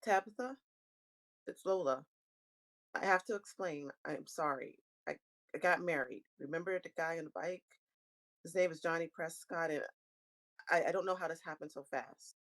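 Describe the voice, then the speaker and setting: A woman's voice: low-pitched, moderate pace, pauses often, fairly bright tone, poor audio. Woman voicing a heartbroken young bride, stammering, tearful, pleading.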